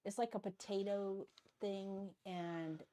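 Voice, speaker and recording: A woman's voice: mid-range voice, steady tone, slow, warm tone. A woman chatting casually with a friend and laughing along. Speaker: friend keeping her company. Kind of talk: casual chat.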